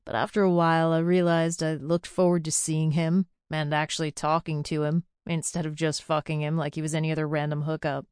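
A woman voicing a blunt, teasing young adult brother in an audiobook, with a gruff, wry way of talking. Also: deep voice, flat delivery, fairly quick, few pauses, darkish tone, no echo, clean studio sound, lightly acted. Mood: candid. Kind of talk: audiobook character voice.

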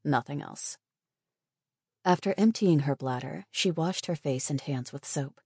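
Woman audiobook narrator, measured and even, with a dry, close sound. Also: low voice, breathy edge, dry recording. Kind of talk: scripted narration.

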